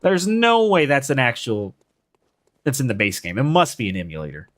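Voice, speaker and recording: Young male streamer, bright and animated, casual reactive gameplay commentary. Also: medium pitch, moderate pace. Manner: reactive, swearing, talks to himself and chat.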